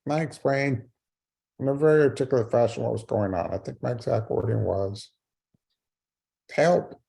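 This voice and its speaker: A man's voice: mid-range voice, a little fast, creaky, mellow, husky. A middle-aged man giving a keynote speech on a video call, telling a personal story with wry, self-mocking humor. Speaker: keynote speaker.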